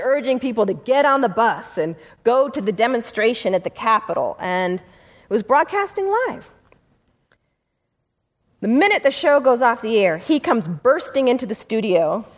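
A woman's voice: on the high side, animated, moderate pace. A woman, a civil rights lawyer, earnestly telling a story in a talk. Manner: earnest, vivid retelling.

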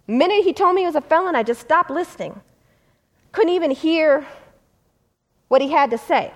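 A woman's voice: sits high, lively intonation, moderate pace, long pauses. A woman, a civil rights lawyer, earnestly telling a story in a talk. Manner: earnest, vivid retelling.

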